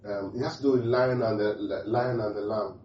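A man's voice: on the low side, steady tone, brisk. A man preaching a sermon, often asking the congregation questions and repeating key phrases for emphasis. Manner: call-and-response questions to the congregation. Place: church hall. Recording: distant, echoey, muffled hall recording.

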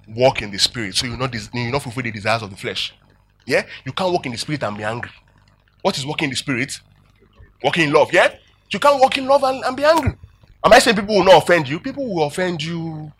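A man preaching a sermon as a pastor, animated, laughing often and checking in with his listeners. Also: on the high side, breathy edge.

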